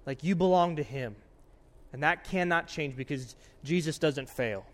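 A man preaching a sermon as pastor, earnest, swinging between loud urgency and hushed warnings. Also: a little high, normal speed.

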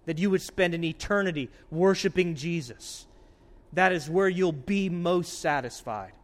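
A man preaches with a voice pitched a little above most men's. He speaks earnestly, pressing his points loudly and then dropping to hushed warnings. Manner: earnest, swings from loud urgency to hushed warnings. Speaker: pastor. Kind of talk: sermon.

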